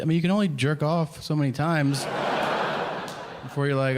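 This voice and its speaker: A middle-aged stand-up comedian with a slightly high, brisk voice tells a story on a theater stage, playing both sides of the dialogue. The live recording carries hall reverb and audience noise.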